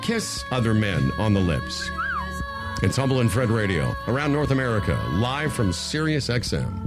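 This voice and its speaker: A man's voice: lowish voice, big pitch swings, normal speed, over loud music. A man hosting a radio talk show, chatting loosely and rambling between topics.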